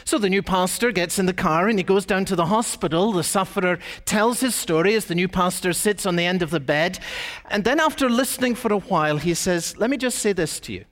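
A man preaching a sermon as pastor, telling a story and asking rhetorical questions, slowing down on emphatic phrases. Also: high-pitched, fairly bright tone, in a large hall. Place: church.

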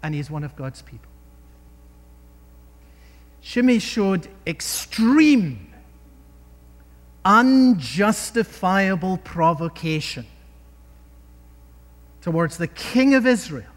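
Guy preaching a sermon, really animated, lots of rhetorical questions, big echoey hall. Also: sits high, slow, long pauses. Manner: emphatic, rhetorical questions to the listeners.

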